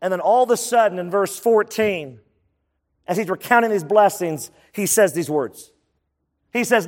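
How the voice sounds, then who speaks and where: A man's voice: sits high, normal speed. A male pastor preaching a sermon to men, emphatic and conversational, asking the congregation questions.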